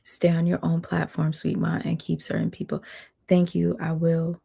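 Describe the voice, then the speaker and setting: Low gravelly-voiced woman ranting on a livestream. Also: completely flat delivery, normal speed, dark tone. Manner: blunt, heated, swearing, reads viewer comments aloud. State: strained voice. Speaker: channel host on a livestream. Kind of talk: casual livestream rant.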